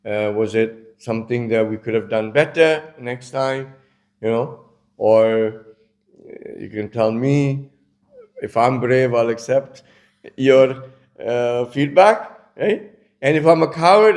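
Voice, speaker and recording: A man's voice: medium pitch, measured pace, a little mellow. A man delivering a conversational religious lecture, telling stories with many casual asides. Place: community centre lecture.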